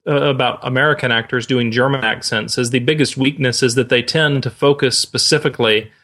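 A man co-hosting a podcast as a film reviewer, talking in a measured, analytical way. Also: medium pitch, steady tone, bright, forceful tone. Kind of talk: casual podcast discussion.

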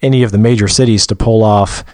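A man from Georgia co-hosting a podcast, talking through a movie review in a measured way and searching for words as he goes. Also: fairly low pitch, steady tone, a little mellow, no echo. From Georgia, USA. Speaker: podcast co-host. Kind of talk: casual movie review discussion.

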